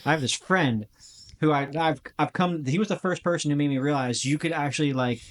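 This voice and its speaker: A man hosting a podcast, telling stories in a relaxed, chatty way. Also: fairly high pitch, fairly quick. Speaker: podcast host. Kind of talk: casual chat.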